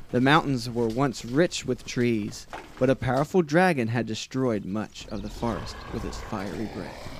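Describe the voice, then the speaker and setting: A man reading a picture book aloud to a child, slow and expressive, adding sound effects. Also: medium pitch, a little hiss or hum.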